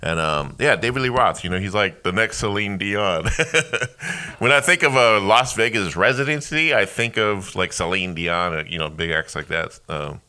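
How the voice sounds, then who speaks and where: A man's voice: low voice, moderate pace, sharp tone, clear, resonant tone. A man hosting his own podcast, ranting casually with lots of profanity and rambling asides. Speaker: podcast host. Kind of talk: casual comedic rant.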